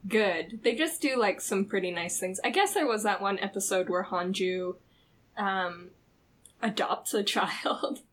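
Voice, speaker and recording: A woman co-hosting a relaxed podcast at a mid pitch, rambling through her thoughts with many "like"s. She laughs often between points. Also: unhurried, slight background noise. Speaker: podcast co-host. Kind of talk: casual chat.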